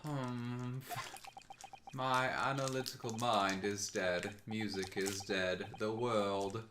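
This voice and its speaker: A man voicing a melancholic adult male detective with a British accent, speaking low, quietly and slowly in despair. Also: fairly even intonation, noisy background.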